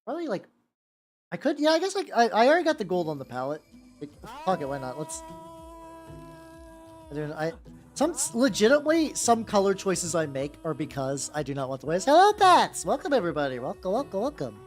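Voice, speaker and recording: Lively, rambling VTuber chatting while painting. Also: mid-range voice, brisk, pauses often. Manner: rambling and profane, with frequent self-restarts; greets and chats with viewers while working. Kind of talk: casual live-stream chat while painting. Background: faint background music.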